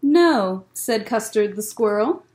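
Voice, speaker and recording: A woman's voice: fairly high pitch, normal speed. A young woman, a children's librarian, chatting to young children and reading a picture book aloud at a library story time. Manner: animated, bouncy delivery. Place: in a public library.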